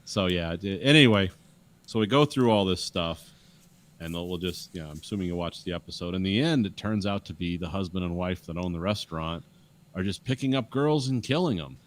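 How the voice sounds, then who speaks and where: A man's voice: deep voice, lively intonation, fairly quick. A man in casual podcast chat, rambling with restarts and acting out quotes from a show. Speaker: podcast co-host.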